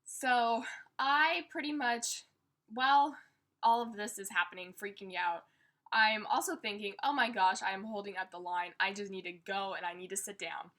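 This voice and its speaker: Bright, chatty young woman vlogger. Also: on the high side. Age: young adult. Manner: chatty and self-deprecating, acting out her own panicked thoughts. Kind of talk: casual chat.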